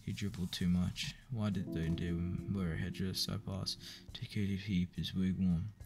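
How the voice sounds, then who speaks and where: A man reading a joke book aloud in a flat, weary way, with profane asides. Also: sits low, measured pace. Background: clear background music.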